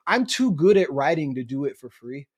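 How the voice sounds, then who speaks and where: A young adult man, a guest author, chatting casually on a podcast and telling animated stories with acted-out quotes. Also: a little high, moderate pace, slightly rough. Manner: animated storyteller who acts out quotes.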